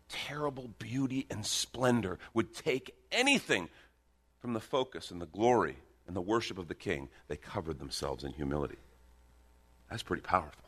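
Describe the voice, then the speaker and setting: A man preaching a sermon in a church, animated, with bursts of emphasis and joking asides. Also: fairly low pitch. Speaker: pastor. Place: church sanctuary.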